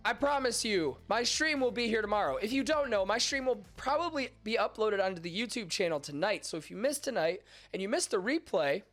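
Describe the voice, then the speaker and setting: Over soft background music, a young man hosts his podcast stream with a high, fairly bright voice, lively intonation, and a brisk pace with few pauses. Allergies have him stuffy and nasal as he talks casually and crudely with chat, joking, self-mocking, and swearing heavily.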